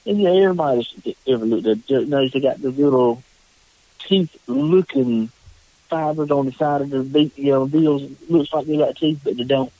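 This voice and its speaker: Brief: man, podcast guest, lively storyteller, dry close sound. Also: mid-range voice, normal speed, dry recording, phone-quality sound. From North Carolina. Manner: animated, acts out quotes in a raised voice. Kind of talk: casual storytelling.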